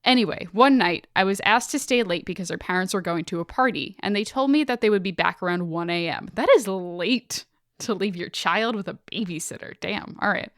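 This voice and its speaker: A woman's voice: mid-range voice, a little fast, dry recording, studio quality. A woman podcast co-host reading out a listener's spooky story in a casual, dramatic, swearing way.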